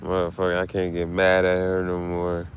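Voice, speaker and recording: Grieving man, low voice, swearing. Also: monotone, moderate pace, a little hiss or hum. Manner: grieving, swearing, slangy, repeats himself. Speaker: streamer. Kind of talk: emotional casual talk.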